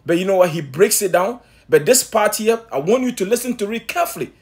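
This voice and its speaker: A man's voice: sits high, fast. A man preaching with urgent emphasis, repeating himself, stammering restarts and asking his listeners rhetorical questions. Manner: stammering restarts when excited. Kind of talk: impassioned sermon commentary.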